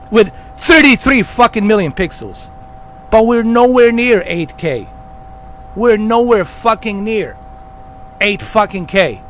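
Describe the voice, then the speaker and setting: A heated man rants at the camera, swearing constantly and hammering his points over and over. His voice sits high and swings widely in pitch. A faint noise hums under the recording. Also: very animated, measured pace, fairly bright tone. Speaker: gaming channel host. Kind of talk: profane rant to camera.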